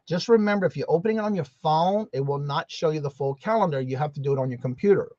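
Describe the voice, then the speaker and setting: A man's voice: fairly high pitch, fast talker, mellow, no room sound. A man hosting a casual morning livestream, greeting viewers by name in a chatty, drawling way. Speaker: livestream host. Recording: slightly dull, lo-fi sound.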